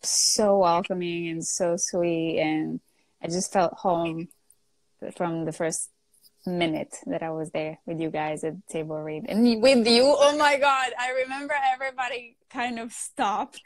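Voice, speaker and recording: A woman from Italy with an Italian accent, chatting casually as a guest on a live video call, animated and quick to laugh. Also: fairly low pitch, no room sound. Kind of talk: casual chat on a live stream.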